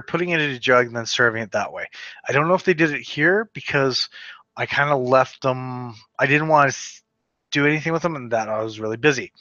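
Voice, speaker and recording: Bright-voiced man reading a list. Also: mid-range voice, dry recording, lo-fi sound. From Western Canada. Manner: reading a list, stumbling over names with asides. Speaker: podcast host. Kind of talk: casual solo podcast.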